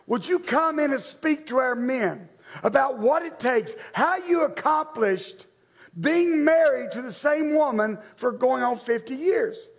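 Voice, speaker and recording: A man's voice: extremely high pitch, lively intonation, unhurried, vocal fry, full character voice. A man voicing an eager male pastor who asks earnest, admiring questions.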